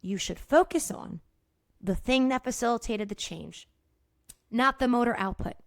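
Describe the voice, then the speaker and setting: Woman, middle-aged, podcast host, energetic, casual, swears, slightly high voice. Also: normal speed, no room sound, studio quality. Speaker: podcast host and movement therapist. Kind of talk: casual explanatory monologue.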